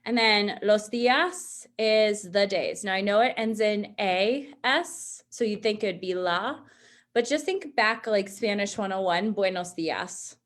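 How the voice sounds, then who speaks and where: A woman giving a casual language lesson, chatty and correcting herself as she goes, slowing down to read word lists. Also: mid-range voice. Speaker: Spanish teacher on a show.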